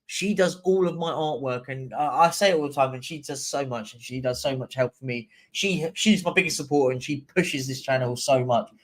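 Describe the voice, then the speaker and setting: A man's voice: mid-range voice, fairly quick, few pauses. A young man hosting a live stream, chatting casually and answering viewer comments as they come in. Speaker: livestream host.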